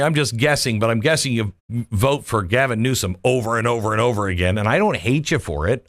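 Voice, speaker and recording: A man's voice: mid-range voice, no echo, studio quality. A man hosting a political opinion show, delivering a monologue full of rhetorical questions and folksy asides. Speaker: political commentary host.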